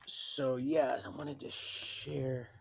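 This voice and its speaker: Male streamer, mid-pitched, halting and rambling, reads documents aloud with dry asides. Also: flat delivery, vocal fry, fairly bright tone, slightly rough. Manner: halting, many restarts and trailing sentences. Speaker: livestream host. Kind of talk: rambling personal storytelling.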